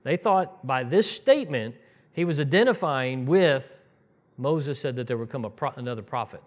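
A man preaching a conversational sermon, retelling Bible scenes in an animated way and acting out the voices in them. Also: medium pitch, normal speed. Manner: animated, acts out quoted voices, chuckles, restarts sentences. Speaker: preacher teaching the congregation.

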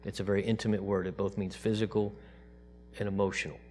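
A man preaching a sermon to his congregation in a relaxed, conversational way, dropping to a soft, quiet voice when he quotes God. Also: lowish voice, fast, a little hiss or hum. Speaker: pastor.

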